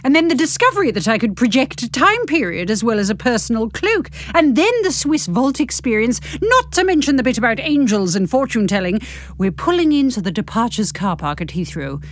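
A woman reading a first-person novel aloud, expressive and playful, with casual asides. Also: on the high side, a little fast. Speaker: audiobook narrator.

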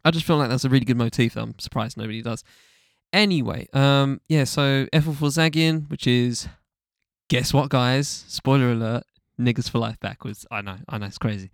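In a clean, dry studio recording, a male co-host of a laid-back music podcast talks reviews at a moderate pace. His pitch is medium, and his speech is loose, packed with fillers, restarts and casual cursing.

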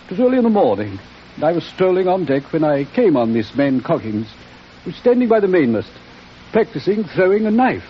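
A jittery, evasive suspect in an old radio play, with a high, wavering voice that stumbles over its denials. He sounds defensive and hesitant. The sound is muffled, with faint hiss behind. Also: big pitch swings, brisk. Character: nervous, evasive male suspect. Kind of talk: 1940s radio acting.

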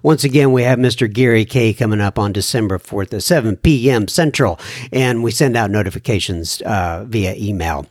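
A man's voice: on the low side, normal speed, no echo, clean studio sound. A man hosting a recovery podcast, folksy and earnest, chatting and reading listener letters aloud. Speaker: podcast host. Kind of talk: casual recovery podcast talk.

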